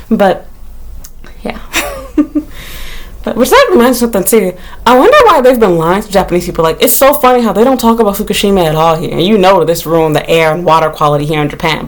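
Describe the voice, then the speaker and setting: A woman talking casually to her vlog audience from her small apartment, rambling with lots of "like" and cursing freely. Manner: animated, rambling, heavy use of "like", swears freely; shrieks and jumps high when retelling her panic. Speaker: vlogger.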